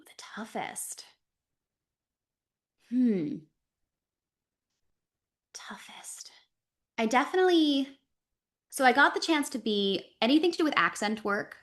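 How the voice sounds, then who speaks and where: Canadian woman voice actor chatting in an interview, lively and quick, lots of ums and likes. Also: mid-range voice. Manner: animated, talks in quick runs with fillers. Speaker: voice actress guest. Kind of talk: casual interview talk.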